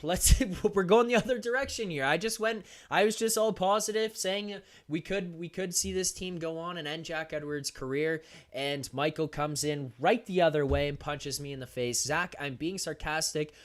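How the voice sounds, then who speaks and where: A man's voice: a little high, moderate pace, hardly any pauses. Hyped young man hosting a live stream. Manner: animated, hyped, laughing, talks straight to viewers. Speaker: host of a hockey post-game live stream. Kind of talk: energetic live-stream chat.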